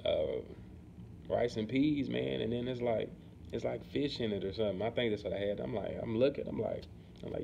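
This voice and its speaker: A man chatting casually to camera in a relaxed, rambling way, often asking "you know what I'm saying". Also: fairly low pitch, gravelly. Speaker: vlogger. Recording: dull lo-fi sound with faint background noise.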